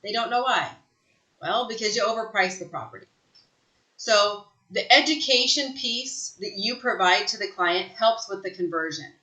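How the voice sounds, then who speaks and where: A woman runs a sales training session with punchy, emphatic delivery, often checking in with a quick "right?". Her voice is bright and forceful, and the room around her rings with noticeable echo. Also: medium pitch. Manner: emphatic, energetic, tags lines with "right?". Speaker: real estate sales trainer. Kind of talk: live online training talk.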